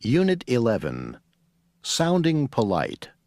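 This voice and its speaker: Slow, measured male course announcer. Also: medium pitch, wildly swooping pitch, darkish tone, no room sound, clean studio sound. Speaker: unit announcer.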